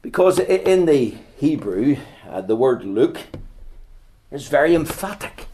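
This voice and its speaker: A man preaching a sermon, swinging between quiet, slow passages and loud, urgent bursts, often repeating words as he goes. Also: medium pitch, very animated.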